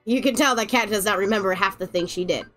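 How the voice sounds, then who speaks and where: A woman's voice: medium pitch, fast talker, music in the background. A woman chatting casually while livestreaming a game, playful, teasing and sarcastic. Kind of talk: casual game-stream chat.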